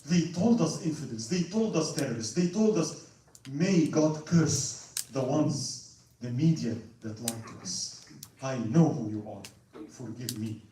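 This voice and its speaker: A man's voice: medium pitch, expressive, unhurried, dark tone. Dramatic male lecturer in an echoey hall. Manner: dramatic storytelling, acting out quotes and asking "right?". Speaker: Islamic lecturer. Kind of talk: animated religious history lecture. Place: large mosque hall. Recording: echoey hall, distant mic, faint noise.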